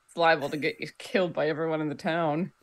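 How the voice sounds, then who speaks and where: A woman's voice: low voice, steady tone, fast talker. A woman playing a tabletop role-playing game, with dry, wry remarks. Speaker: player. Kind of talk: tabletop role-play banter.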